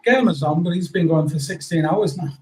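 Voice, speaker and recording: He is a man co-hosting a live stream, with a slightly raised pitch and a quiet, brief way of replying. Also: a little fast, low-quality recording. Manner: brief, low-key replies.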